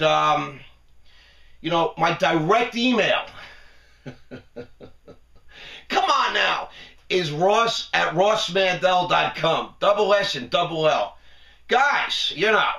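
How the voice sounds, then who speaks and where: A man's voice: high voice, gravelly, bright, forceful tone. A man hosting his own commentary video, ranting sarcastically and animatedly and laughing often. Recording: echoey room, voice a bit far from mic.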